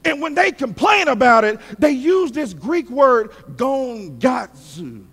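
A male pastor preaching a sermon with great passion, swinging from shouts to hushed tones and calling on the congregation to respond. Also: very high voice, animated, a little slow, long reverb tail. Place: church sanctuary.

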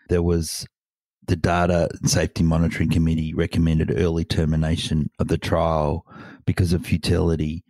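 Very deep, flat-voiced man. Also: dry recording. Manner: conversational, with hedges and fillers. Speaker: oncologist discussing a paper. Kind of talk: casual expert discussion.

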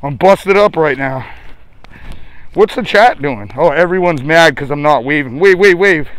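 In a dry recording, a man with a slightly high voice and lively intonation speaks at a measured pace. He is a livestream host on a city sidewalk, rambling crudely with jokes and profanity, out of breath behind a face mask.

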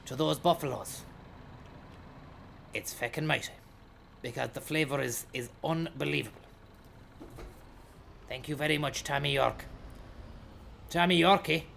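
Irish male streamer, rough gravelly voice, joking and chatty. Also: mid-range voice, a little slow, long pauses, bright, forceful tone, slight background noise. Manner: jokey, rambling, thanks donors by name. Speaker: live streamer. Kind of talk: live stream commentary.

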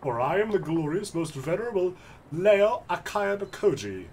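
A man's voice: medium pitch, sing-song, brisk, a little hiss or hum, natural voice. A man voicing a pompous self-styled nobleman of thirty-five, who scorns others in grand, old-fashioned wording. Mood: haughty.

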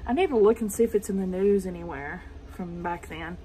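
A woman's voice: lowish voice, brisk, a little hiss or hum. A woman with a Southern accent chatting and telling stories as she sews, in a meandering, casual way. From Arkansas. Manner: chatty, meandering, soft-spoken asides. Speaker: sewing vlogger. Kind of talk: casual storytelling while sewing. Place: home sewing room.

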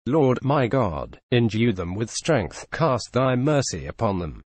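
A man voicing a gentle, solemn old priest who speaks softly and prays, in a storybook reading. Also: mid-range voice, very animated, slow, dry recording. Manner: soft-spoken, prayerful.

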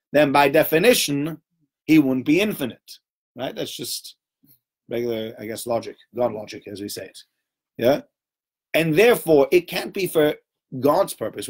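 A man giving an informal Torah talk to a small group, conversational and animated, often checking in with "right?" and acting out little voices. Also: a little high, slightly rough. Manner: acts out little voices and sounds while telling stories.

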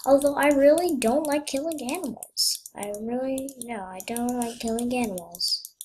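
A woman's voice: fairly high pitch, moderate pace, a little mellow, a little hiss or hum. A young woman chatting casually while playing a game, playful and chatty, often dropping into whispers. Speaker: gamer. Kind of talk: casual gameplay commentary. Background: faint keyboard clicks.

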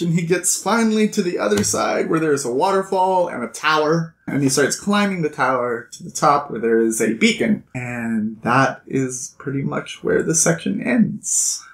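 A man hosting a book vlog, recapping a story in a chatty, sarcastic, animated way. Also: high-pitched, echoey room.

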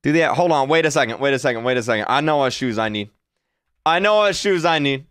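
An excitable man in his twenties chats casually through a reaction video. He repeats himself and jumps into high shouts. His voice is bright and swoops widely, and the recording is close and dry. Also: quick pace, clean tone, no echo. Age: 20s.

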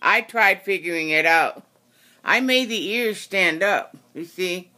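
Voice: mid-range voice, a little slow, pushed and bright. A craft tutorial host giving a casual how-to demonstration, rambling and often correcting and apologizing.

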